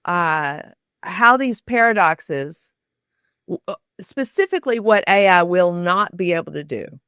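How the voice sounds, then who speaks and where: A woman speaks as a guest on a podcast, her voice a little lower than most. She thinks aloud, stopping on fillers and restarting her sentences. The recording is dry, with no room sound around her. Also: lively intonation, a bit bright, clear, resonant tone, no room sound. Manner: thoughtful, halting with many fillers and restarts. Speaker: podcast guest, storytelling author. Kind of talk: conversational interview.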